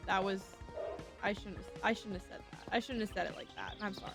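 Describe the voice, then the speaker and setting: A woman's voice: mid-range voice, fairly even intonation, fast talker, gravelly. A woman streaming a video game, chatting casually in a rambling way and apologizing often, with faint music behind her. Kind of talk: casual gameplay commentary.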